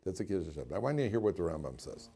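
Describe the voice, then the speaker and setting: A man's voice: low-pitched, sing-song, very fast, mellow, husky. A man giving an informal Torah class to yeshiva students, telling stories, asking rhetorical questions and translating Hebrew terms as he goes. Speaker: rabbi teaching yeshiva students.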